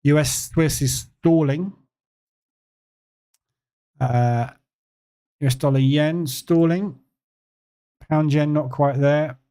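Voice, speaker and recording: A man hosting a live trading session, explaining in a relaxed, conversational way with fillers and emphatic repeats. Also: on the high side, slow pace, long pauses, clear, resonant tone. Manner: relaxed, conversational, answers chat questions; emphatic repetition with frequent fillers. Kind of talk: live-stream market commentary.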